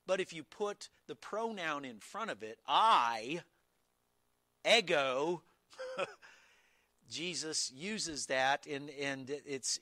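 A male pastor delivers a sermon in a slow, measured cadence. His voice is bright and fairly high, and he leans hard on key phrases. The sound is close and dry, with no room echo. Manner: emphatic, slow and deliberate, with verbal restarts.

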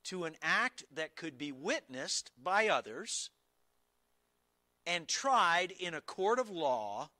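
A male pastor delivers a sermon in a slow, measured cadence. His voice is bright and fairly high, and he leans hard on key phrases. The sound is close and dry, with no room echo. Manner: emphatic, slow and deliberate, with verbal restarts.

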